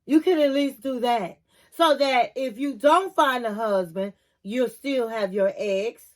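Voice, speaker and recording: A high-voiced woman recaps a reality show in a casual, chatty way. She is opinionated and tells the story with lively expression, talking straight to her viewers. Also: measured pace.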